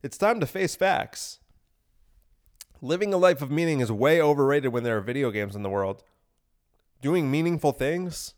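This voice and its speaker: A man's voice: on the high side, animated, normal speed, pauses often. A young man hosting a podcast, telling a rambling comedic story, repeating himself and laughing at his own bit. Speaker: podcast host. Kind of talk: casual comedic monologue.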